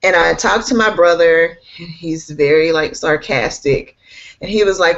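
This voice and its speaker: A woman's voice: fairly low pitch, a little slow, fairly bright tone. A woman talking in a bubbly, enthusiastic way as an instructional technology specialist in a casual interview, laughing often. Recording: slightly muffled, lo-fi audio.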